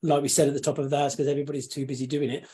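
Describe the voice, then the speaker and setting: A man hosting a casual live chat, rambling with restarts and frequent throat clearing. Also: on the high side, level tone, very fast, dark tone. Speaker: host.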